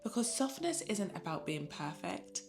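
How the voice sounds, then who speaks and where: A mother gives a scripted, reflective voice-over about motherhood, speaking in a gentle, unhurried and soothing way. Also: medium pitch, sing-song, creaky. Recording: voice-over with music playing underneath.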